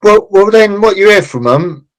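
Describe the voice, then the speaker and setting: A man's voice: high voice, animated, moderate pace, rough recording. A man as a podcast guest, talking casually and acting out conversations from building sites. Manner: chatty, acts out site conversations. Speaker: construction consultant guest.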